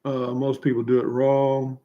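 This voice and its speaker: A man's voice: mid-range voice, monotone, unhurried, highs cut off. A man hosting a casual livestream, reading out viewers' comments in a folksy, jovial way and chuckling often. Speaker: livestream host.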